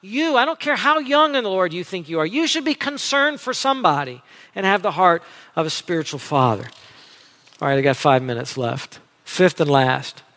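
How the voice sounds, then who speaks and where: Man, pastor preaching, high-pitched, dramatic, long church-hall reverb. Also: moderate pace. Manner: animated, dramatic preaching with shifts between loud and soft. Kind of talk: sermon.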